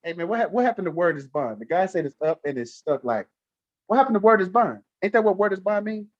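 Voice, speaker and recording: Playful male streamer, higher voice, muffled dry home-mic sound. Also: very animated, quick pace, no room sound. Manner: playful teasing, laughs often, talks back to the chat. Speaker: livestream host. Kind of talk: casual livestream chat.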